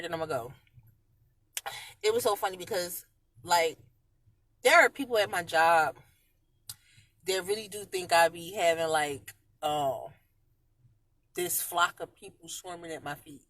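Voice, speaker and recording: A woman chatting casually on a live stream from her parked car, slangy and swinging between loud and quiet. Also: on the low side, a little slow, long pauses, no echo. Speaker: vlogger talking live to viewers.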